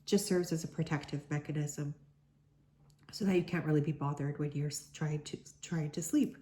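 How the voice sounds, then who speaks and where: A woman with a sick, hoarse voice giving a chatty collective card reading as a tarot reader, full of "like" fillers. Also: low voice, fairly even intonation, normal speed, dark tone. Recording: echoey room.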